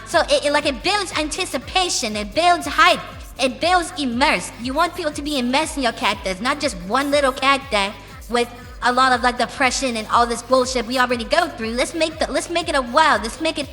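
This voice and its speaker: A woman's voice: high-pitched, lively intonation, sharp tone. A woman musician from the United Kingdom giving brash, profane interview answers in a casual way. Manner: brash and profane, drawn-out emphatic phrases. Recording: reverberant room with music behind.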